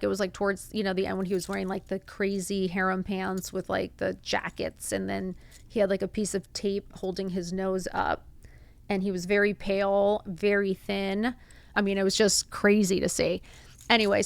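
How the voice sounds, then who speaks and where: A woman hosting a podcast, telling a personal story in a casual, animated way, acting out quotes and saying "like" a lot. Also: mid-range voice, creaky, clean tone, no echo. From Miami. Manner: animated, acts out quotes, says "like" often. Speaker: podcast host.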